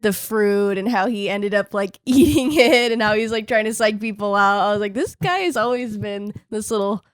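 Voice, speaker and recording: A woman's voice: mid-range voice, normal speed, hardly any pauses, clean tone, no room sound, clean studio sound. A woman co-hosting a podcast, chatting casually and giggling. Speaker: podcast co-host. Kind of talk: casual chat.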